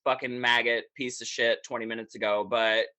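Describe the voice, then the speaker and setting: A man in his thirties chats as a podcast guest, blunt and full of swearing. His voice is bright and tense, at an ordinary middle pitch. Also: moderate pace, no room sound. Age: 30s. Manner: candid, profane and animated. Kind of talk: casual interview talk.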